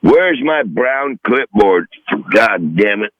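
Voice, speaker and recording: A man's voice: fairly low pitch, sing-song, takes it slowly, no room sound, highs cut off. A man in his sixties, a regular comedic guest, ranting in a combative, profane, rambling way on a podcast call. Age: 60s. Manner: foul-mouthed, combative, rambling. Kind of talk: profane rant on a phone-in podcast.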